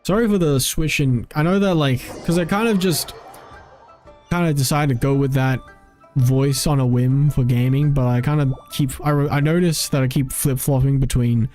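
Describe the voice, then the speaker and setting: A man's voice: mid-range voice, steady tone, normal speed, a little mellow, soft background music. A man streaming a video game, rambling in casual commentary, often cutting himself off and laughing at himself.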